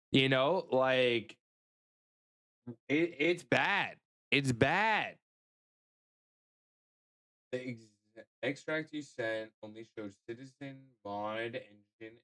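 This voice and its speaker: Male streamer, casual live chat, very unhurried delivery, playful and cooing. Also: medium pitch, fairly bright tone. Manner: playful, coos over pets in baby talk.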